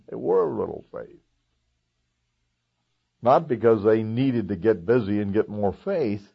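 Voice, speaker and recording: A man's voice: on the low side, breathy edge. A man preaching a conversational sermon, chuckling now and then, with many "uh"s and restarts. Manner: conversational, with chuckles and filler words. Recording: dull lo-fi recording.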